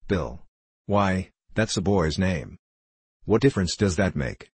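A man with a low, husky voice reading the lines of an earnest, prim young farm girl in an audiobook story. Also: expressive, takes it slowly, no room sound, heavily acted.

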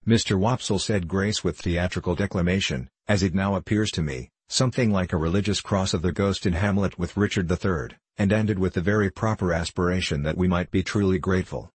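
A man reads a novel aloud in measured, first-person storytelling. His voice is low and husky, recorded dry and close with no room sound. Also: dry recording. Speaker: audiobook narrator. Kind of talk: scripted narration of a novel.

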